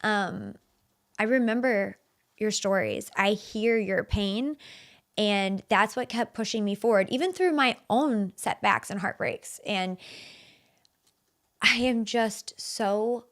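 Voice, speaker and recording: A woman's voice: mid-range voice, slow pace, fairly bright tone. A woman in her thirties hosting a solo podcast, talking in an earnest, emotional way with many fillers and restarts. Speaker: podcast host.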